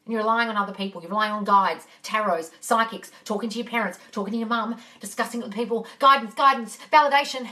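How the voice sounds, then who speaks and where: Quick and forceful, this woman's medium-pitched, bright voice barely pauses as she runs a live Q&A on her phone. She's a manifesting coach who swears freely and calls her viewers darling. The recording catches her slightly distant from the mic.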